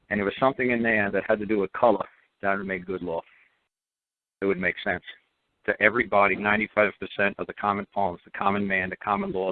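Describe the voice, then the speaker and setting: A man's voice: lowish voice, dry recording. Blunt man on a tinny radio line. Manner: blunt, animated, mocking imitations. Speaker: radio show host. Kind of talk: casual radio talk. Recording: tinny phone-like dry audio.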